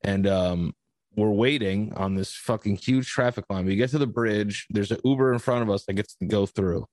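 A man's voice: lowish voice, moderate pace, darkish tone, dry recording. A young man, cursing casually as he tells a long story on a podcast. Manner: profane, rambling storyteller. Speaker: podcast host.

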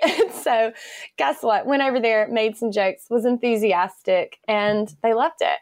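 In a casual interview chat, a podcast guest in her thirties with an American accent tells stories enthusiastically, her speech full of fillers. She speaks unhurriedly in a voice on the high side, captured cleanly in the studio without echo.

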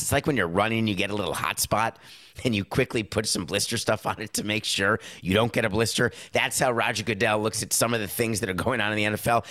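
Animated low-voiced man hosting a sports talk show. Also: a little fast, no echo, studio quality. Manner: animated, rhetorical, self-correcting. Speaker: podcast host. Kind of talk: casual sports commentary monologue.

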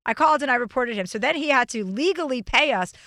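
A woman's voice: sits high, expressive, pushed and bright, no echo, clean studio sound. A woman in her forties hosting a podcast, teasing her guest in casual chat. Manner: teasing, quick-witted, laughs often. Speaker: podcast host.

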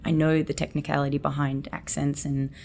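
An Australian woman in her twenties with a notably low voice. She tells animated anecdotes as a guest and slips into the voices of her own thoughts as she goes. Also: fairly quick, gravelly, a little hiss or hum. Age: 20s. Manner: lively, acts out her own inner thoughts. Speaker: actress guest.

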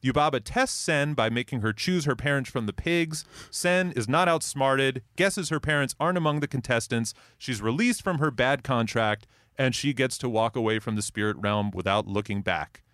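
A man's voice: medium pitch, normal speed, few pauses, fairly bright tone, smooth, dry recording, studio quality. A man co-hosting a podcast, methodically summarizing a film's plot in a casual way. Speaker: podcast co-host. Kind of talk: casual film-plot recap.

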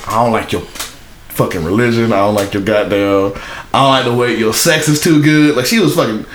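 A man's voice: medium pitch, fairly quick. A young man telling rambling, profane stories in casual podcast chat, with lots of restarts and laughter. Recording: echoey room with faint hiss.

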